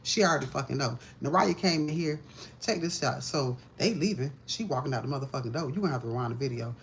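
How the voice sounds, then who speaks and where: A woman's voice: very deep voice, fast, slight background noise. A woman doing a live-streamed tarot reading from home, ranting in a profane, agitated way. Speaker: tarot reader.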